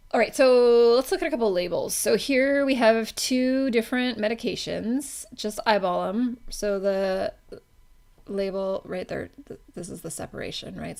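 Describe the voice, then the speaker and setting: A pharmacology instructor gives a classroom lecture in a casual, conversational style, often correcting herself mid-sentence. Her medium-pitched voice is creaky with a darkish tone, and she has the hiccups.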